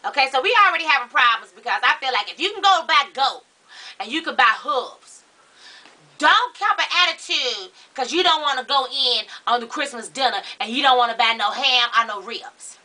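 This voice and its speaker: A man's voice: animated, moderate pace, sharp tone, recorded from a distance, heavily acted. A man playing a gossipy, sassy middle-aged Baptist woman, chatting dramatically to the viewers. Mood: indignant. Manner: chatty, dramatic, rising to shrill outbursts. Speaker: comedy character show host. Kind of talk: character comedy monologue to camera.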